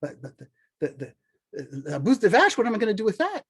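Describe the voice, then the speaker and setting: Naive farmer , put on by a storyteller, stammering, lively pitch. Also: fairly quick, slightly rough, exaggerated voice. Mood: cheerful. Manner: stammering, mixes French into his talk. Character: cheerful, naive French-Canadian farmer.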